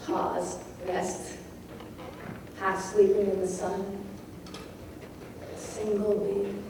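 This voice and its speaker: A woman poet giving a craft talk who reads lines of a poem aloud slowly and dwells on their sounds. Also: medium pitch, noisy background. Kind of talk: lecture on poetry craft. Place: lecture hall. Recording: echoey hall from far off.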